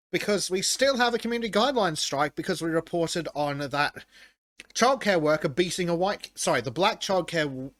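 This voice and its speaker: A man's voice: on the high side, fairly bright tone. A man hosting a podcast in casual chat, blunt and profane as he reads chat comments aloud. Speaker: podcast host.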